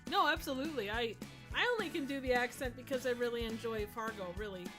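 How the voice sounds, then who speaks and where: A woman's voice: on the high side, quick pace. Chatty Midwestern woman hosting a stream. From American Midwest. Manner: chatty, lots of fillers and restarts. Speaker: game host. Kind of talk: casual livestream chat. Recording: music playing behind.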